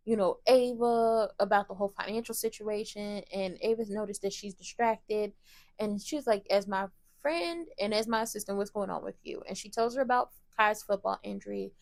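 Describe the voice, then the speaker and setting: A woman's voice: fairly high pitch, no echo, studio quality. A woman hosting a casual soap opera recap, blunt and opinionated, swearing freely as she retells scenes in quoted lines.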